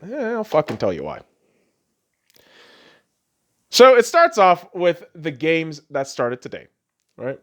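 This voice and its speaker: A man's voice: high voice, wildly swooping pitch, a little slow, pauses often, a bit bright. A man hosting a podcast, delivering a solo sports rant full of heated profanity. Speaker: podcast host.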